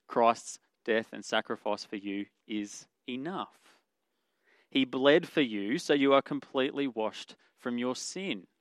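A man delivering a sermon in an earnest, conversational manner at a middling pitch. He corrects himself mid-sentence and goes quieter when quoting scripture. The sound is dry and close. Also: no echo. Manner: earnest, conversational preaching with fillers and self-corrections. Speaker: pastor.

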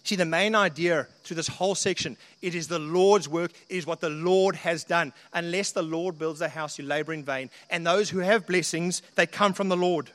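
A man's voice: on the high side, normal speed, hardly any pauses, a bit bright, long reverb tail. A man preaching a sermon in an earnest, conversational way, often asking the listeners questions. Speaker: pastor.

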